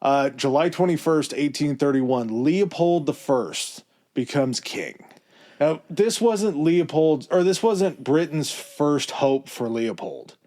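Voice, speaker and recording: A man's voice: fairly high pitch, animated, takes it slowly, warm tone. A man co-hosting a history podcast, telling it in a loose, conversational way with fillers and asides. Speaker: podcast co-host presenting the history. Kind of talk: casual history podcast chat.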